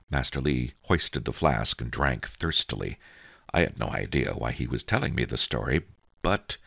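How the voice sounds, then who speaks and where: A man narrating a first-person audiobook in a wry, measured way. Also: sits low, creaky, fairly bright tone, no echo.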